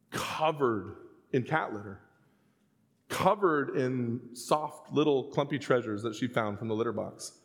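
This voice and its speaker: A man in his thirties preaching a sermon, telling stories and acting out the voices, sometimes rising to a shout. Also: a little high. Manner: storytelling, acts out quoted voices, rising to shouts. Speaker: pastor. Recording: long hall reverb.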